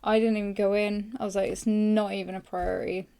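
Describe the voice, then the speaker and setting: Hoarse, tired woman rambling. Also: medium pitch, flat delivery, fairly quick, dark tone. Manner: rambling, filler-heavy, self-deprecating. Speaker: podcast host. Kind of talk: casual live journaling session. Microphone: close microphone.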